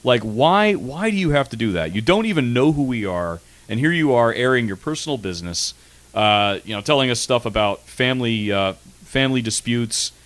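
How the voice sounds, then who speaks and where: A man's voice: medium pitch, expressive, normal speed, fairly bright tone. A man hosting a radio comedy show, chatting in a crude, mocking, rambling way with lots of restarts. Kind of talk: casual comedic chat. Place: radio studio.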